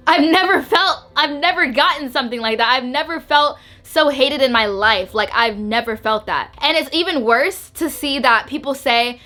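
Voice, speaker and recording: A young woman with a fairly high voice tells a personal story straight to her viewers. She is bubbly and emphatic, leaning on repeats and a steady stream of "like". Soft music plays faintly behind her. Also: moderate pace, hardly any pauses. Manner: bubbly, emphatic, repeats words and says "like" a lot. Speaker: YouTuber. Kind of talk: emotional storytime to camera.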